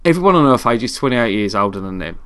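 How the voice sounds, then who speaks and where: A man's voice: medium pitch, very animated, fast, a bit bright, smooth. A man telling a long, rambling film story in casual chat, with sweary asides and many restarts. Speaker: co-host reviewing a film.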